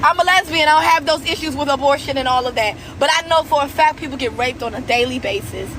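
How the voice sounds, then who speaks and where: A woman's voice: sits high, fast talker, fairly bright tone, slight background noise, poor audio. A woman in a car delivering a heated, repetitive, slangy rant to her followers. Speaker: social media poster. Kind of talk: angry rant to camera. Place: inside a car.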